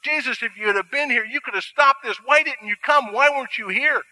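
A man voicing two grieving women who plead and reproach, pitched well above his usual voice. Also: fairly quick, pushed and bright, full character voice, low-quality recording.

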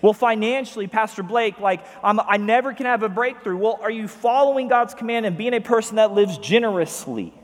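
A male pastor preaching a sermon in a casual, conversational way, slowing down to stress key lines and dropping in playful asides. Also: sits high, expressive, big-room sound. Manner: conversational preaching with asides and emphatic slowed phrases.

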